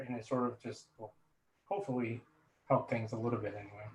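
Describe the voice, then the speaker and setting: A man's voice: medium pitch, a little fast, dark tone, far from the mic, highs cut off. Man, business consultant, laid-back casual delivery, echoey room sound. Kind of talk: casual roundtable chat.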